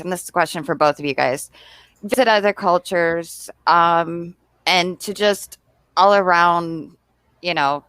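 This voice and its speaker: A woman hosting a podcast who asks her guests questions in a relaxed, hesitant way. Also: on the low side, smooth, dry recording. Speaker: podcast host. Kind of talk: casual podcast chat.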